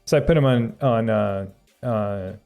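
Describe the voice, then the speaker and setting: A man's voice: lowish voice, unhurried, creaky, dark tone, soft background music. A man chatting casually on a tech live stream, rambling and chuckling as he reads viewer comments aloud.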